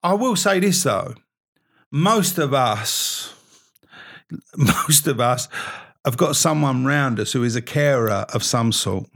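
A man's voice: medium pitch, expressive, slow, creaky, fairly bright tone. A man, rambling and self-mocking in casual podcast chat, laughing often as he talks. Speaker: podcast host.

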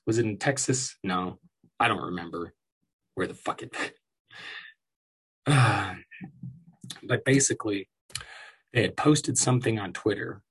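A man's voice: fairly low pitch, fairly bright tone, husky. A man delivering an angry, profane, sarcastic rant as commentary, with mocking asides. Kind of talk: ranting commentary.

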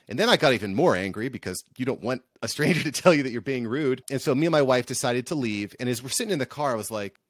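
A man's voice: medium pitch, quick pace, hardly any pauses, dry recording. Upbeat american guy telling his story on a podcast, dry close mic. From United States. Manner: upbeat, energetic, animated storyteller. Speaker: podcast production agency founder, guest. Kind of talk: casual interview storytelling.

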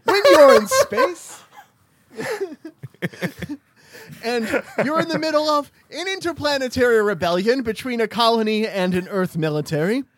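Man doing a loud, high, pompous fake-British sleuth, yelled. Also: no echo. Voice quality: yelling, exaggerated pompous delivery. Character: shouting mock-British detective, adult man.

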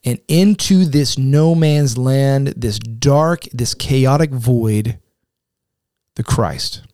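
A man serving as camp director, giving a devotional talk as an earnest story with dramatic pauses and weighty readings of scripture. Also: medium pitch, warm tone, no echo, studio quality. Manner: reads quotes and scripture with weight.

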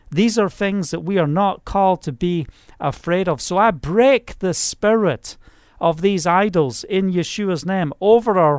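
Man, preacher, high voice, rambling conversational sermon, dry close sound. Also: no echo. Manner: rambling, conversational, many fillers and restarts. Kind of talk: informal online sermon.

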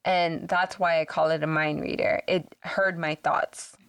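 A woman's voice: low voice, flat delivery, a little slow, creaky, clean tone, dry recording. A woman from San Antonio, Texas, co-hosting a podcast and telling a spooky story in a rambling way, with lots of fillers and swearing. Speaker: podcast co-host. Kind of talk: casual chat, ghost story telling.

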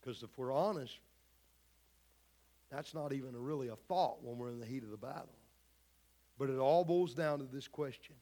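A man's voice: mid-range voice, moderate pace, pauses often, dark tone. A man preaching a sermon, pressing the same rhetorical questions again and again in a preaching cadence.

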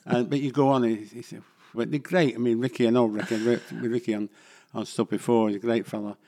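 Speaking quickly with a flat delivery, this man has a mid-range, warm voice. He's a chatty older Mancunian from England, appearing as a guest actor in a laid-back interview, rambling and self-deprecating throughout.

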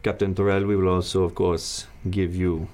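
A man serving as game master, narrating a tabletop game and voicing its characters in a measured, deliberate way. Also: sits low, level tone, darkish tone.

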